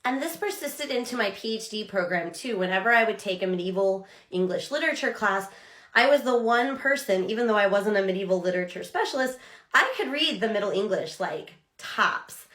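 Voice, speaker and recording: A woman's voice: medium pitch, expressive, fairly quick, fairly bright tone. An American woman professor talking casually to camera, enthusiastically explaining step by step. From United States. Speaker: literature professor. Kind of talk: casual educational talk to camera.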